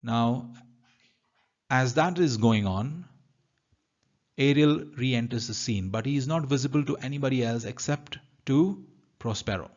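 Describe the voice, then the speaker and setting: Man, literature teacher, slow careful explanations, dull lo-fi sound. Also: medium pitch, darkish tone. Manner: slow, careful, reads lines then paraphrases. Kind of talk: reading and explaining a play in class.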